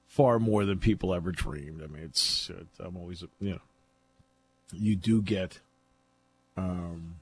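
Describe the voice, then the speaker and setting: A man's voice: deep voice, a little slow, long pauses, slightly rough. A man talking football in casual chat, chatty and laughing often as he tells stories. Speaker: football analyst.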